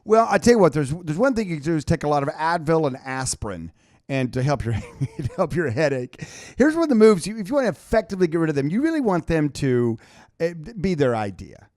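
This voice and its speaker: A middle-aged man co-hosting a talk show in an animated, storytelling way. His voice sits a bit high, and he slips into little acted quotes. The recording is dry and close. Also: brisk, no echo. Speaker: co-host, business coach. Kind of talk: casual radio talk show. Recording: dry studio sound.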